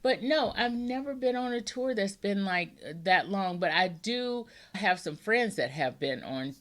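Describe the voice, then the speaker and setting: An unhurried woman hosting a podcast interview about books. She rambles warmly through her thoughts and laughs often. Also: mid-range voice, animated. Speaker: podcast host. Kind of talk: casual interview chat.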